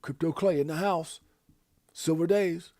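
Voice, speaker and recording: Hyped man giving stream shout-outs. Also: dry recording, clean studio sound. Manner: lively, hyped, drawn-out shout-outs with sudden loud high bursts. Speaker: livestream host. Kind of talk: casual livestream shout-outs.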